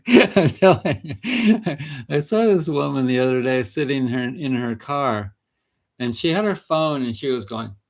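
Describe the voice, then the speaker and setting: A man's voice: medium pitch, expressive, takes it slowly. A man vlogging about natural health in a casual, rambling monologue, chatty and laughing between sentences.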